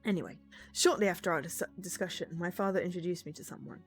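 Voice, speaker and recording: A woman's voice: fairly low pitch, fast, soft background music, natural voice. A woman voicing an earnest sixteen-year-old girl and her narration in a visual novel.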